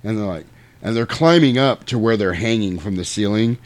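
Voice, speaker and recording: A man casually retelling a movie plot, animated and swearing, now and then jumping into loud character voices. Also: on the low side, moderate pace, dry recording. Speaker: podcast host retelling a movie. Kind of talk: casual chat.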